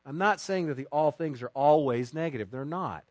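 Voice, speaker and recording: Dry, high-voiced male preacher. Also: normal speed, no echo. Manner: emphatic preaching, swinging between loud stresses and quiet asides. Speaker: pastor. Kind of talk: sermon.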